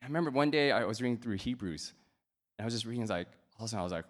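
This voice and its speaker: A man preaching a sermon in a conversational way, often checking in with "right?" and pausing on fillers. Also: lowish voice. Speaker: pastor.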